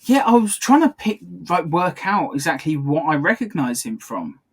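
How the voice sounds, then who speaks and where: A man's voice: a little high, big pitch swings, moderate pace, husky. A man co-hosting a casual episode commentary podcast, chatty and rambling, laughing often as he talks. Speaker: podcast co-host.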